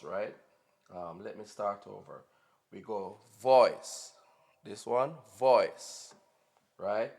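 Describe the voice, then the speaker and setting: A man's voice: medium pitch, gravelly, a bit bright. A man giving an unscripted, casual drum kit tutorial, often checking in with "right?". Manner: slow, informal, repeats "right?" often. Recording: long reverb in a hall-like room.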